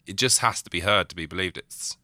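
Deep guy talking old films, bright crisp tone, dry close sound. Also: brisk, no room sound. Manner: animated, laughs while mocking accents. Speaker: film podcast co-host. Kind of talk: casual film review chat.

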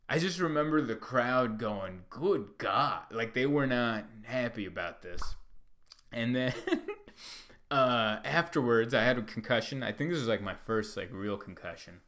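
A man, a comedian, telling a long story in a rambling way with many fillers and loud bursts when he acts out other people. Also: mid-range voice, lively intonation, measured pace. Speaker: stand-up comedian. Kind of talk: storytelling monologue.

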